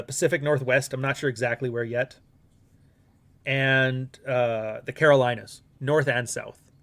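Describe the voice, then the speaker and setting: A man's voice: medium pitch, a bit bright. Casual, profane male livestream host.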